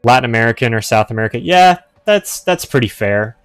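A man's voice: mid-range voice, animated, fairly quick, smooth, no room sound, faint music behind. A man giving casual gameplay commentary as a streamer, chatty and easily impressed as he muses aloud.

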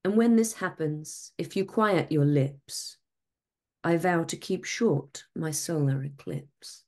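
A woman doing the sweet, gentle Moon. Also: deep voice, slow. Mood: gentle firmness. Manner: sweet, gentle, soft-spoken. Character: gentle, kind, brave female Moon, small and calm. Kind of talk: storybook read-aloud.

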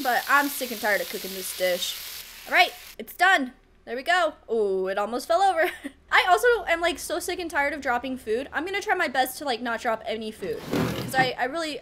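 A woman's voice: sits high, bright, forceful tone, slight background noise. A woman giving casual gameplay commentary, flustered and self-mocking, laughing often. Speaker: let's play gamer.

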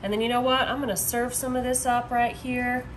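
A woman's voice: fairly high pitch, little pitch movement, brisk, background noise. A woman hosting a casual home cooking demo, chatty and upbeat, calling her viewers y'all. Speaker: home cook host.

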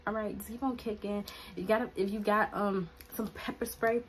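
A woman telling a personal story to her viewers in a casual vlog, animated and chatty, filling her talk with "like". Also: mid-range voice, normal speed, poor audio. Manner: animated, chatty, heavy use of "like", talks straight to viewers. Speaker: vlogger.

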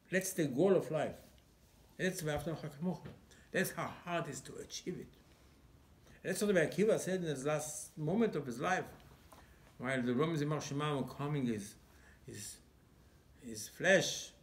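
A male rabbi preaches emphatically. He asks rhetorical questions and talks in broken English. His voice sits a little higher than most men's. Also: expressive, normal speed, pauses often. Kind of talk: sermon.

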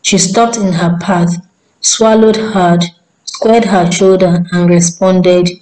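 A woman narrating a folk tale in a steady, measured storytelling manner. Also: fairly low pitch, poor audio.

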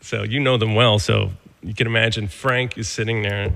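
A man, a songwriter and producer, guesting on a podcast and telling stories in a casual, animated way, acting out what people said. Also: on the low side, normal speed, vocal fry. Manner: animated, acts out quoted dialogue. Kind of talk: casual storytelling interview. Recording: long reverberant room sound.

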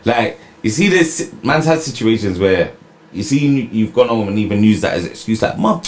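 A man's voice: lowish voice, lively intonation, moderate pace. A man, co-hosting a podcast, talking earnestly in casual banter. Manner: earnest, calls the other "brother". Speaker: podcast co-host.

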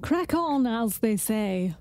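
A woman's voice: lively intonation, takes it slowly, a little mellow, a little hiss or hum. A woman co-hosting a podcast in casual, playful chat. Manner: playful, reads a mock ad pitch. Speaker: podcast co-host.

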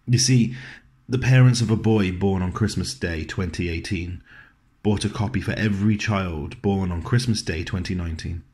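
A man with a very deep voice delivers a scripted dramatic monologue. He tells it in a gentle, wry way, dropping into low, soft passages. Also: moderate pace. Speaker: actor performing a monologue.

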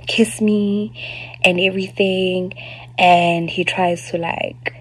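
Husky South African woman telling a story. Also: fairly low pitch, little pitch movement, slow pace, rough recording. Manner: candid, chatty, full of fillers and asides. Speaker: vlogger. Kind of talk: personal storytelling.

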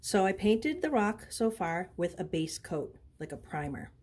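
A woman's voice: on the low side, very animated, measured pace, darkish tone, husky. A woman teaching a craft lesson, casually narrating each step as she works. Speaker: art teacher. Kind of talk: craft demonstration.

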